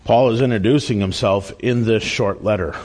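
A man's voice: lowish voice, normal speed, darkish tone. A man delivering a sermon as a pastor in a church, earnest and emphatic, with asides and bits of self-deprecating humor.

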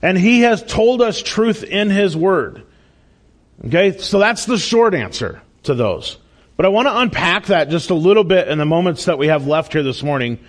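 A man's voice: high voice, animated, normal speed. A man delivering a sermon as a pastor in a church, earnest and emphatic, with asides and bits of self-deprecating humor.

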